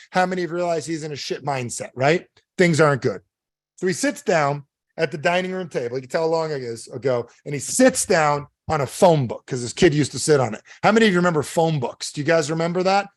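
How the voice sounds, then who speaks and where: A man giving a live motivational seminar talk, animated and emphatic, who keeps asking his audience questions while he tells a story. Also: fairly high pitch, fast talker, no echo, studio quality. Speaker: motivational speaker.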